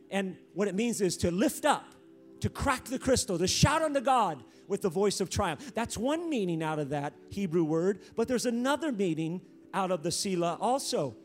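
A man preaching a sermon, emphatic, repeating phrases and rising to near-shouts. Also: sits high.

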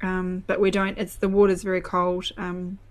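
A woman's voice: fairly low pitch, completely flat delivery, normal speed. A young woman with a New Zealand accent in casual conversation, telling stories with lots of fillers, restarts and laughter. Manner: chatty, laughs often, many fillers and restarts. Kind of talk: casual chat.

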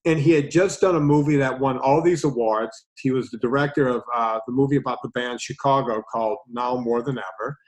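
A man hosting a podcast, telling a long story in a casual, animated way and retelling his conversations with others. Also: mid-range voice, a little fast, hardly any pauses, low-quality recording. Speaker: podcast host.

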